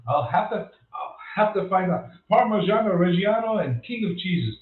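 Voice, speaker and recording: A man's voice: high voice, animated, normal speed. A man hosting an unscripted livestream, rambling and ranting and repeating himself as he goes. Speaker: livestream host. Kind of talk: unscripted live-stream monologue. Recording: tinny echoey phone-like sound.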